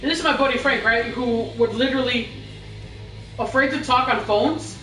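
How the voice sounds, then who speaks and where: Woman co-host, higher-pitched, chatty and profane, roomy live-stream sound. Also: moderate pace, a bit bright, recorded from a distance, faint music behind. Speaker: podcast co-host. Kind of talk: casual wrestling chat.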